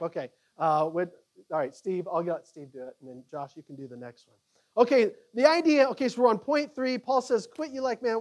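A man teaching a Bible study to a group, animated and conversational, with frequent halting restarts. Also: sits high.

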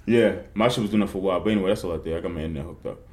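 A man with a lowish voice rattles through casual podcast chat at a fast clip. His profane banter rings off the walls of a roomy, echoing space. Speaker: podcast co-host.

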